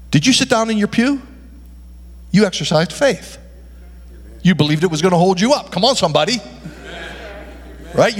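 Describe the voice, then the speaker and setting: A man's voice: sits high, in a large hall. A male pastor preaching a sermon, emphatic, tossing rhetorical questions at the congregation.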